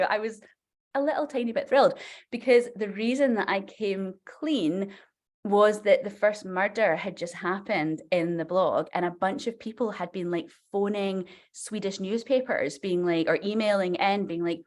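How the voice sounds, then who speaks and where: A woman in her forties, a novelist guest on a podcast, telling a story in a chatty, animated way full of fillers. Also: medium pitch, normal speed. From Scotland.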